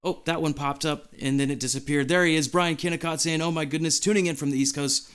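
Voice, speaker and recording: A man hosting a live stream, giddy and out of breath, reading chat messages aloud in an excited chat. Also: fairly high pitch, quick pace, clean tone.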